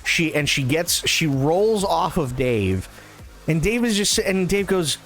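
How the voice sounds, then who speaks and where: A man streaming a game live who tells a long, rambling story in casual, profane, animated chat and laughs at his own tales. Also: on the high side, a little slow, soft background music.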